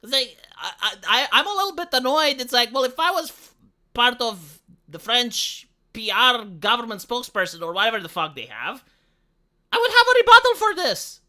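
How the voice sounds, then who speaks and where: A man's voice: very high-pitched, animated, normal speed, bright, forceful tone. A young man from Romania giving profane, opinionated commentary on a live stream, full of rhetorical questions.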